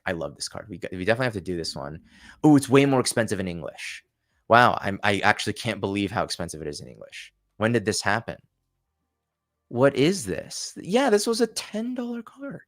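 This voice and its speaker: A man hosting a casual livestream, chatting and thinking aloud with frequent restarts. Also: on the low side. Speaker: channel host.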